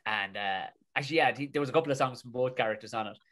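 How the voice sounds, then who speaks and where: Swearing Tipperary comedian telling stories. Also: male voice, mid-range voice, very fast. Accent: Irish, Tipperary. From Tipperary, Ireland. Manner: animated, swears freely, colloquial. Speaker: guest comedian and actor. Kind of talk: casual storytelling in a podcast interview.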